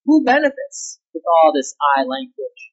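A woman's voice: medium pitch, animated, moderate pace, highs cut off. A woman pastor preaching a sermon in an emphatic way, stressing key words and asking rhetorical questions.

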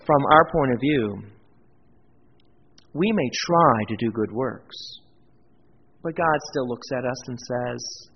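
A male pastor preaching a sermon, lifting his voice on scripture quotes and dropping low for quiet asides. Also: measured pace, gravelly, long pauses, slightly rough. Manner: earnest preaching, swells in volume on scripture quotes; drops to a quiet, low aside for self-deprecating remarks. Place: church. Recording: dull, lo-fi sound in a reverberant church hall with faint noise.

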